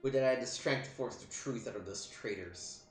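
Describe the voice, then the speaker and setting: A man's voice: mid-range voice, fairly quick, reverberant, faint music behind, close to an everyday voice. A man reading aloud as a bitter, boastful disgraced lancer villain in a video game, in a theatrical, scornful way.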